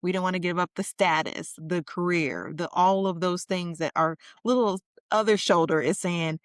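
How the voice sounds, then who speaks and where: A woman co-hosting a podcast in casual chat, lively and affirming, with a chatty manner. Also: fairly low pitch, normal speed, no room sound, studio quality. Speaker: podcast co-host.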